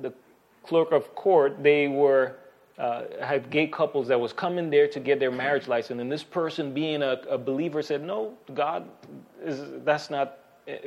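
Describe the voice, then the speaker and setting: A man's voice: a little high, gravelly. A man preaching a Bible sermon in a conversational way, with frequent restarts and fillers. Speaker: pastor.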